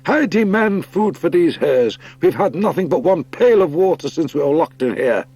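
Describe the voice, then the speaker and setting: A man's voice: fairly high pitch, expressive, normal speed, darkish tone, slightly rough, dry recording, pitched above the performer's own voice. A man voicing a defiant male hare prisoner who speaks urgently in a storybook reading.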